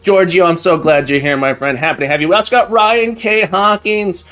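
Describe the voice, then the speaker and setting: A man's voice: sits high, a little fast, fairly bright tone. A man streaming live, greeting his chat one by one in an effusive, grateful way, rambling and restarting as he gets a little emotional. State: getting emotional. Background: faint background music.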